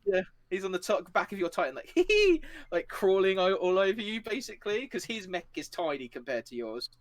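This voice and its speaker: A man's voice: high voice, fairly quick. Rambling male game master. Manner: rambling, filler-heavy, laughing, acts out characters. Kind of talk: narrating a tabletop game.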